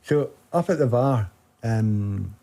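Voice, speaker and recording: A man's voice: fairly low pitch, slow pace, gravelly. A Scottish man chatting as a guest, swapping stories in a casual conversation. He tells his anecdotes with energy and keeps breaking into laughter, putting on the voices of the people in them. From Scotland. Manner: animated storyteller, laughs often, acts out quoted voices. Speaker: guest, former footballer.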